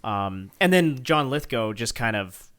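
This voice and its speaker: A man's voice: mid-range voice, sing-song, measured pace, fairly bright tone, smooth. A man co-hosting a podcast, sharing film trivia with enthusiasm in a casual chat and laughing easily. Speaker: podcast co-host.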